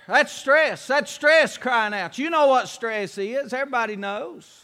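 A man's voice: very high voice, expressive, unhurried, bright, forceful tone. A man preaching a sermon, telling a story in a folksy way and acting out its scenes.

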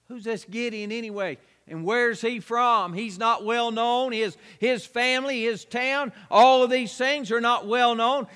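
A male preacher with a very high, sharply bright voice works through a sermon, stacking repeated phrases and rhetorical questions. His words ring out with the long reverb of a large church hall.

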